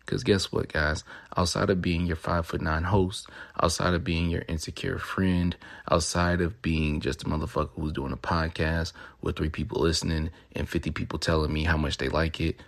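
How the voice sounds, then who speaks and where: A man's voice: sits low, gravelly. A young man hosting a podcast, talking in a rambling, swaggering, profane monologue, with crude jokes and mock-lecture asides. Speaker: podcast host.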